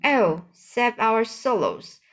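An excitable, kindly giant who stumbles over his words in bursts of excitement, as a woman reads him aloud. His speech is exclamatory and jumpy, full of mangled grammar, a storybook figure brought to life. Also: on the high side, drawn-out words, full character voice. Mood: anguished.

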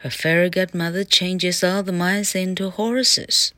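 A woman teacher reading a storybook aloud slowly and carefully in a bilingual lesson. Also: on the low side, steady tone, a bit bright, dry recording, studio quality. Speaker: English teacher.

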